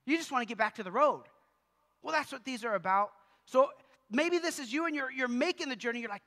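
High, bright-voiced male pastor preaching. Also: animated, fairly quick, long reverb tail. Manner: conversational preaching with humorous asides. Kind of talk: sermon. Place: church sanctuary.

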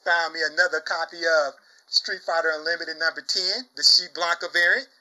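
A young man chatting casually about his comic book finds, exuberant, saying "y'all" often and bursting into loud shouts and laughs. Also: a little high, fairly even intonation, brisk, rough recording. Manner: exuberant, says "y'all" a lot. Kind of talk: casual chat.

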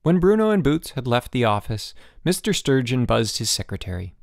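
A man narrating a children's novel as an audiobook in an expressive storytelling manner. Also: mid-range voice, moderate pace, vocal fry, soft background music. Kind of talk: scripted narration.

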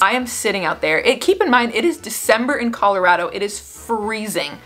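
A young woman in her twenties telling a dramatic dating story for her vlog, animated and exasperated. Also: mid-range voice, a little fast, few pauses, soft background music. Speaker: vlogger.

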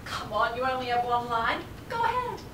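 A woman's voice: a little high, big pitch swings, normal speed, reverberant, background noise. A woman acting a bossy, theatrical drama teacher on stage, quizzing her students in an exaggerated, sing-song way, taped from far off in a theatre. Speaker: stage actor. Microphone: far camera in audience.

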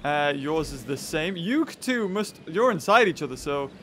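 A man narrating his game in an excitable, chatty way, often talking straight to the animals on screen. His voice sits high and swings widely in pitch. There is faint noise behind him. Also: normal speed. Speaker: gaming channel host. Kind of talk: let's play commentary.

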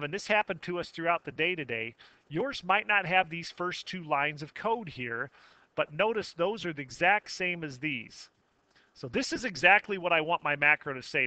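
Bright-voiced man walking through software steps. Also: fairly high pitch, no room sound. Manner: step-by-step narration of his own clicks, casual self-corrections. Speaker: math teacher. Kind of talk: screen-recorded software tutorial.

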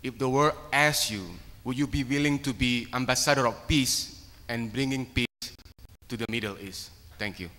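A man's voice: medium pitch, moderate pace, pushed and bright. A man from Indonesia in the audience, politely asking a formal question. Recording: reverberant lecture hall.

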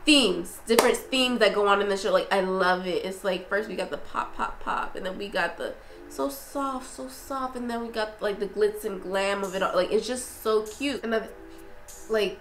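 A woman's voice: medium pitch, moderate pace, fairly bright tone, slight background noise. Chatty young woman vlogger, echoey room. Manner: chatty and effusive, many fillers and restarts. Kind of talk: casual review vlog.

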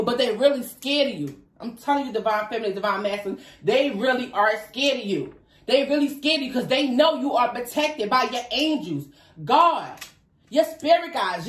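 High, lively woman reading tarot. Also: roomy sound. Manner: repetitive, emphatic, talks to Spirit and the viewer. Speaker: tarot reader.

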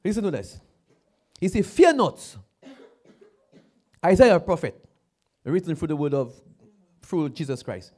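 A man from Dominica, preaching a sermon, repeating his phrases and building to loud exclamations. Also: a little high, animated, normal speed, pauses often.

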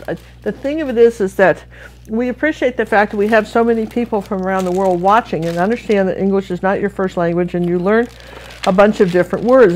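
A middle-aged American woman from Washington State, giving a chatty, rambling live painting lesson full of friendly asides. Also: medium pitch. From Washington State, USA. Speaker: art instructor.

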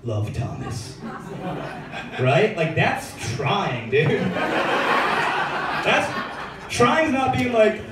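On a club stage before a live crowd, a young comic tells laid-back, slangy stories full of fillers. His voice sits high with big pitch swings, he talks very slowly with frequent pauses, and the distant, echoey recording is very noisy.

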